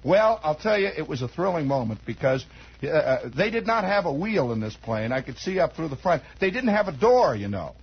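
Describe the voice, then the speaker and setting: Speaking at a moderate pace with big swings in pitch, an American man in his forties delivers a meandering, improvised radio monologue in a high, raspy voice. His wry storytelling is packed with asides, and the studio recording sounds dull and lo-fi, like 1960s radio.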